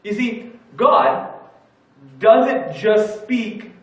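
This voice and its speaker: Pastor preaching in an echoey church. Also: male voice, sits high, drawn-out words. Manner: storytelling, animated, acts out his own panic. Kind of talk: sermon. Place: church sanctuary. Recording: echoey church hall, distant mic, dull sound.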